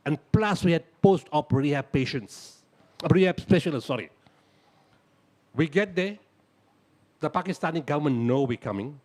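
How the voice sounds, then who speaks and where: A middle-aged man recounts events at a live talk. His voice sits a little high for a man. He acts out each exchange and punches through repeated lists. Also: lively intonation, moderate pace, pauses often, a little mellow. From South Africa. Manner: dramatic storyteller, acts out dialogue, emphatic lists. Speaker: humanitarian speaker.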